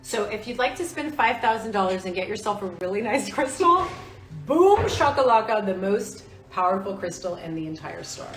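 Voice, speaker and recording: A woman's voice: medium pitch, a little fast, hardly any pauses, soft background music. A woman in her forties hosting a casual live stream, talking in an earnest, confiding way about crystals. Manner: soft-spoken, earnest, confiding. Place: room with other people. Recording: roomy, distant mic.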